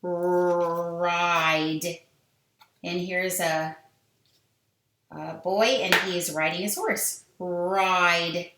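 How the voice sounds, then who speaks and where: Woman, kindergarten teacher, unhurried phonics delivery, room echo. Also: on the low side, a bit bright, a little hiss or hum. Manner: slow, sounding out words, sing-song prompts. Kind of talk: phonics lesson to young children. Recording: echoey room.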